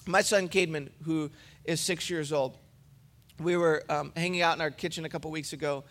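A man's voice: fairly high pitch, steady tone, a little fast, a bit bright. A man and pastor giving a sermon, preaching in a casual, storytelling way.

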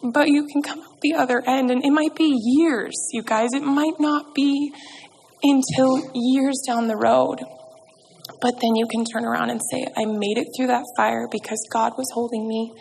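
A woman's voice: sits high, fairly even intonation, normal speed, creaky, a little mellow, big-room sound, slight background noise, poor audio. A woman giving a heartfelt, emphatic personal testimony as a guest in church.

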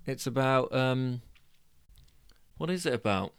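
A male storyteller with a smooth, clear voice, reading stories aloud and breaking off for rambling, self-deprecating chats. The sound is close and dry, with no room echo. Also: medium pitch, animated, slow pace. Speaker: storyteller and host.

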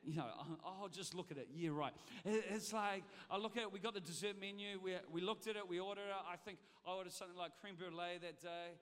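A man preaching a sermon to a congregation, swinging between shouted exhortation and chatty, humorous storytelling. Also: high-pitched, fairly even intonation, quick pace, hardly any pauses, clean tone. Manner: humorous, conversational asides to the congregation. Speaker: pastor. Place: church hall. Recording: long reverb of a large hall.

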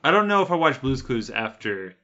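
A man's voice: mid-range voice, sing-song, a little fast, bright, forceful tone, soft background music. A man co-hosting a casual podcast chat, wisecracking and swearing freely. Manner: profane, wisecracking. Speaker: podcast co-host. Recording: lo-fi muffled sound.

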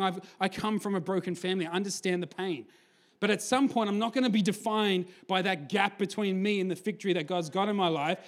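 A male preacher with a slightly raised pitch, telling his story with animated energy. He acts out the characters' lines in passing and sinks to a soft, earnest tone for the appeal. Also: brisk. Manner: energetic storyteller, acts out quotes, drops to a hushed close. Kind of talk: sermon.

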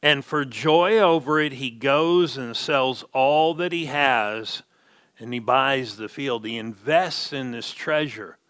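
Bright-voiced preacher, slow and emphatic. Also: male voice, medium pitch. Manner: emphatic preaching, slows down to stress key words, asks the congregation questions. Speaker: pastor. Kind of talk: sermon.

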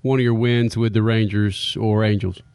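A man's voice: on the low side, level tone, normal speed, a little mellow, clear, resonant tone, dry recording. A man hosting a radio talk show, asking a guest questions with teasing, joking banter.

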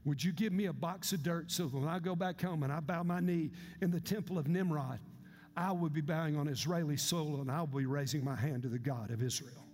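A man voicing a proud army captain who has been humbled, speaking low and apologetically. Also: a little fast, darkish tone, big-room sound, close to an everyday voice. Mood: contrite.

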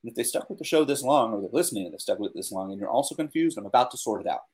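A man's voice: medium pitch, animated, racing, a little mellow, slightly rough. Chatty young man hosting a podcast. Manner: enthusiastic, filler-heavy, says like and dude a lot. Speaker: podcast co-host. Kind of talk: casual chat.

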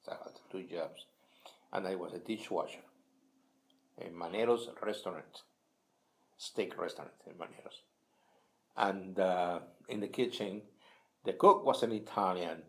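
An older man from Peru, a native Spanish speaker with a Peruvian Spanish accent, telling his life story in halting English with many restarts at a kitchen table. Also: fairly low pitch, lively intonation. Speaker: interviewee. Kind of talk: casual storytelling.

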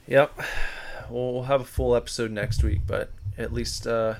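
A man's voice: medium pitch, fairly even intonation, normal speed, vocal fry, darkish tone. A man co-hosting a podcast, chatting loosely and rambling with fillers. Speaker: podcast co-host. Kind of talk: casual podcast chat.

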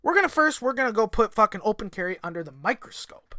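A man with a bright, sharp voice hosts his own podcast alone, cursing freely as he rambles and hammers his points home. The sound is dry and close on a desk mic, with no room around it. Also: sits high, very animated, fast, hardly any pauses, dry recording. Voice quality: profane, rambling, emphatic. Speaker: podcast host. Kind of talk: solo podcast monologue. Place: home in Michigan.

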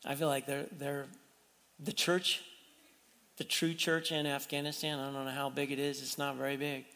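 A man's voice: medium pitch, little pitch movement, moderate pace, gravelly, sharp tone, in a large hall. A man preaching a sermon in a conversational way, asking the congregation rhetorical questions. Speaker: pastor.

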